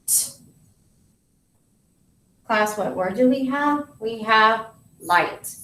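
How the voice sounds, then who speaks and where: A woman grammar school teacher walking parents through a spelling lesson, sounding out syllables and letters slowly and deliberately. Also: a little high, a bit bright, reverberant, far from the mic, a little hiss or hum, rough recording.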